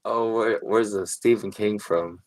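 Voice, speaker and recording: Young man, low voice, laid-back rambling storyteller, laughs a lot, casual stream chat. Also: fairly even intonation, a little slow, no room sound, low-quality recording. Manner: rambling, laughs through stories. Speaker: streamer drawing with a guest. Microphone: video call.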